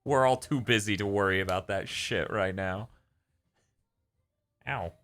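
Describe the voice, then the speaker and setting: A man's voice: on the low side, a little slow, a bit bright. A young man co-hosting a game stream, chatting in a laid-back, teasing, rambling way. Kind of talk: casual chat.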